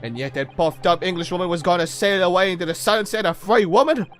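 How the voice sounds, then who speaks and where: A man voicing a brash, angry young male newspaper reporter in an old-timey newsboy accent, talking loud and indignant with rough grammar, as he reads a video game's dialogue aloud. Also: sits high, quick pace, voice pushed up, natural voice.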